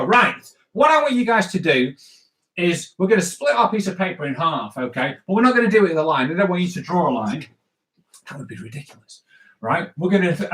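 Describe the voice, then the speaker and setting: A man, slightly high-voiced and very animated in his pitch, leads a live drawing lesson for kids in a jokey, chatty manner. His voice bounces around an echoey room. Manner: playful, chatty, jokey teacher talk with frequent "right?" and "okay?". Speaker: comics artist teaching drawing.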